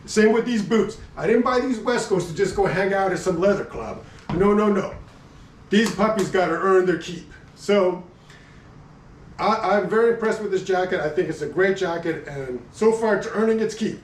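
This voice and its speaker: A man's voice: sits high, moderate pace, echoey room, far from the mic, slight background noise, low-quality recording. A middle-aged man giving a casual, rambling gear review. He chats freely and often stops to correct himself. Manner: rambling, chatty, self-correcting, laughs often. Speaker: motorcycle and gear vlogger. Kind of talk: casual product review chat.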